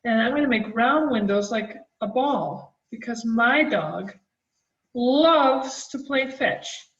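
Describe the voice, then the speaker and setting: A woman art teacher talking children through a drawing, gentle and encouraging as she draws. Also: fairly high pitch, lively intonation, takes it slowly, recorded from a distance. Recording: dull, roomy, from the mic.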